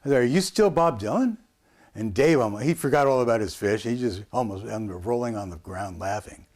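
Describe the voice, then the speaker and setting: An American man in his sixties, appearing as an interview guest, tells a rambling story full of hesitations and restarts. His voice is on the low side, a little mellow, and quick.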